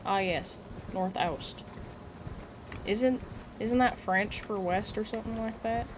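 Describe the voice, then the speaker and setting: A woman's voice: medium pitch, slow. A woman streamer chatting casually while she plays, answering her chat with playful asides. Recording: clear game noise under the voice.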